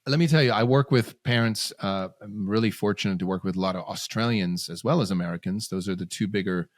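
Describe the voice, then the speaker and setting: A man's voice: on the low side, fairly quick, no echo, clean studio sound. A man, a guest parenting coach, talking earnestly in a casual podcast conversation and often repeating words as he gathers his thoughts.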